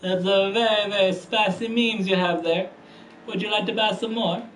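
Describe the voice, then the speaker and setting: A pushy male salesman makes a mock-polite sales pitch in a slightly higher, brighter voice, as a man puts him on. The voice rings in a roomy, echoey space. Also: fairly even intonation, moderate pace, a little hiss or hum. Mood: salesy.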